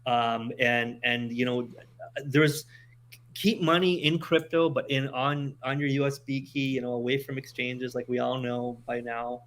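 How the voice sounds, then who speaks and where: A man from Montreal speaks in a mid-range voice at a measured pace on a casual podcast. He tells his stories with animation, frequently restarting and repeating words.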